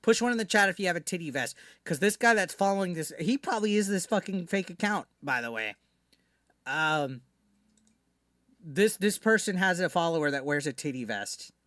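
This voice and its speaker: A high-pitched man with a bright, forceful voice rants to his live-stream chat. He is brash, profane and mocking, and sounds dry and close on a desk mic. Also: expressive, normal speed, no echo.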